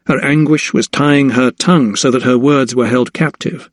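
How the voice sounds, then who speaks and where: A man reading an audiobook as narrator, in measured storytelling. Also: mid-range voice, fairly even intonation, no room sound, clean studio sound. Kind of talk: scripted narration.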